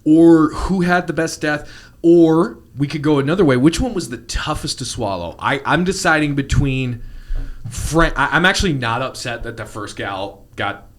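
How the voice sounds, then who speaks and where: Animated high-voiced man co-hosting a podcast. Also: moderate pace. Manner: animated, swearing, acting out film lines in gruff voices. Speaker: podcast co-host. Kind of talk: casual chat.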